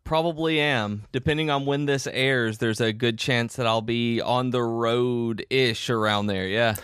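A man's voice: mid-range voice, fairly even intonation, a little slow, fairly bright tone, smooth, no echo, studio quality. A young man from Tennessee, co-hosting a podcast in rambling casual chat full of fillers. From southern Middle Tennessee, US. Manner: rambling, many fillers and restarts. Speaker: podcast co-host.

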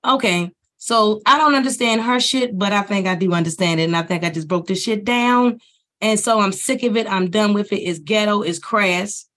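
A woman hosting a podcast, giving blunt, profane commentary on a reality show, her voice climbing high and loud when she rants. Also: moderate pace.

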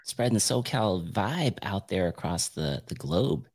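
A man's voice: sits low, sing-song, unhurried, a little mellow, husky. A man hosting a podcast in casual chat, upbeat and chatty, laughing often. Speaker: podcast host.

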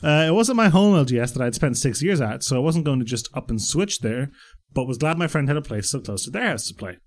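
A man in casual podcast chat who reads a story aloud with mock suspense and dramatic pauses. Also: medium pitch, expressive.

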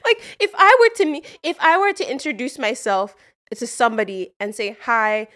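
A woman chats as a podcast co-host, expressive and quick to laugh. She explains her points patiently, and her voice sits fairly high. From Nigeria. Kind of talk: casual chat.

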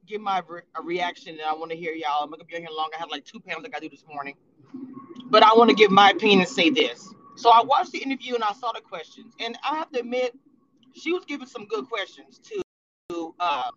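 A woman's voice: medium pitch, a bit bright, dull audio, a little hiss or hum. A woman commentating on reality TV in a livestream reaction, blunt, profane and heated.

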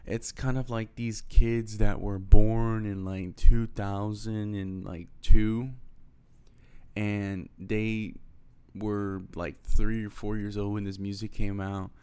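A man's voice: lowish voice, slow pace, clean tone. A young man from Houston telling a rambling, profane story in a casual monologue, acting out both sides of the conversations he recounts. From Houston, Texas. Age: young adult. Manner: rambling, profane, animated retelling with quoted dialogue.

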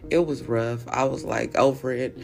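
A woman's voice: extremely low pitch, steady tone, normal speed, gravelly, darkish tone, soft background music. A woman hosting a podcast, chatting casually with playful asides and laughs. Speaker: podcast host. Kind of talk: casual chat.

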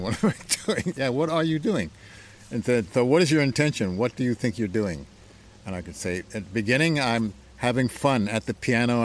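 A man who plays the piano speaks in an interview about his practice. He is reflective and uses spiritual wording, circling back on his phrases, seated at the piano in his home. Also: on the low side. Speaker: pianist guest.

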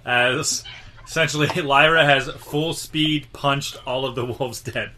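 A man running a tabletop game as game master, giving quick, encouraging rulings. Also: mid-range voice, fairly even intonation, heavy background noise.

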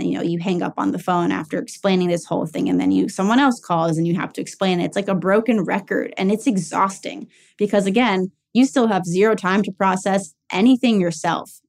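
A woman's voice: lowish voice, creaky. A woman in her twenties telling a personal caregiving story candidly, with many "like" and "you know" fillers. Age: 20s. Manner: candid, filler-heavy with frequent "like".

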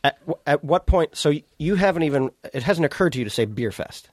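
A middle-aged man co-hosting a podcast, teasing his friend and jumping in with quick, profane remarks. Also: a little high, animated, slightly rough, no echo, studio quality. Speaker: podcast co-host. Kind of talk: casual chat, interjecting and teasing.

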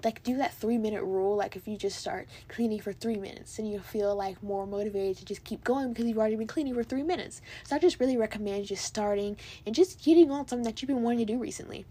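A woman's voice: mid-range voice, fast, few pauses, dark tone, husky. A young woman with an American accent hosting her own podcast, gushing and chatty, full of "like" and "literally". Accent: General American. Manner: bubbly, gushing, lots of "like" and "literally". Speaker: podcast host. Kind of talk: casual solo podcast chat.

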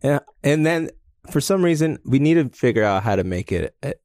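A man's voice: mid-range voice, expressive, brisk, darkish tone, no echo, clean studio sound. A man co-hosting a casual podcast chat, joking and laughing often. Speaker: podcast co-host.

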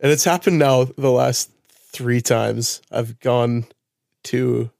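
Man, gravelly, podcast co-host, dry close mic. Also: medium pitch, slow pace, no room sound. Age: parent of young child. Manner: animated storyteller, puts on voices in anecdotes. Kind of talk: casual chat.

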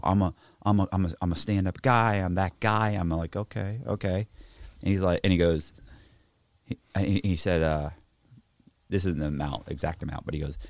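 A man telling a story in casual chat, profane and animated, acting out both sides of a conversation. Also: sits low, gravelly, no room sound. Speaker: podcast host telling a story.

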